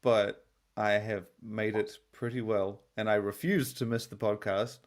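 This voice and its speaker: A man's voice: lowish voice, fairly even intonation, unhurried. Tired, profane man rambling on a podcast. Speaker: podcast co-host. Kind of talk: casual podcast chat.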